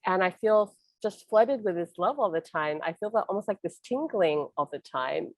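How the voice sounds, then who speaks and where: A woman's voice: mid-range voice, lively intonation, moderate pace, dry recording. A middle-aged woman hosting a casual spiritual chat, talking earnestly and rambling with restarts. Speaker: host.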